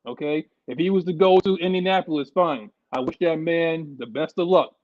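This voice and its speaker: High-pitched new york guy ranting about his team, dry muffled sound. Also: moderate pace, dry recording. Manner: emphatic, fired-up, repeats himself. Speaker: sports show co-host. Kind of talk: heated casual sports talk.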